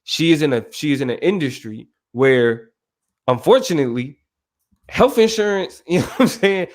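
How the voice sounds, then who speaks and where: Man co-hosting a podcast chat, slightly high voice, emphatic and searching for words. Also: animated, moderate pace. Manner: emphatic, keeps asking "you feel me". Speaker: podcast co-host. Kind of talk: casual podcast discussion.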